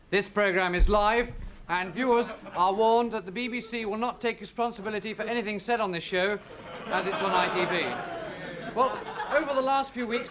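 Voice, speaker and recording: A man's voice: sits high, fairly bright tone. A man playing a flustered, stammering current-affairs TV presenter in a 1960s TV sketch. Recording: hissy old TV recording.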